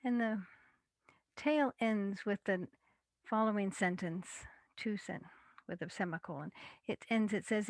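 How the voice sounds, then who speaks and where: A woman storyteller telling a folktale in a measured, deliberate way. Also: medium pitch, no echo.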